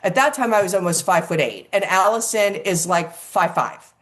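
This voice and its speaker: An older woman, an actress, telling lively casual stories in an interview and acting out the quotes. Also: lowish voice, moderate pace. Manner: animated storyteller, acts out quotes, swears casually.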